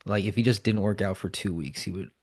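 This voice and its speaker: Blunt, gravelly low-voiced man. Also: fast talker, no echo, studio quality. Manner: blunt, swears freely. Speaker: podcast co-host. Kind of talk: casual banter.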